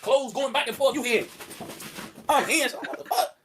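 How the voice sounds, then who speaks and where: High-pitched, fast man. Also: noisy background. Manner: loud, excitable, laughs through his stories, says "folks" constantly. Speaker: streamer telling stories. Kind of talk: animated storytelling rant.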